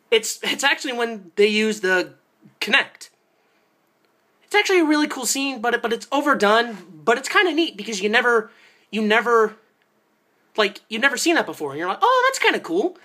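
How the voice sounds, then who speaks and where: A young man at home, filmed on a handheld phone camera, ranting and swearing about a movie he hated, with yelled outbursts. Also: very high-pitched. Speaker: movie reviewer. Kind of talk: angry movie-review rant.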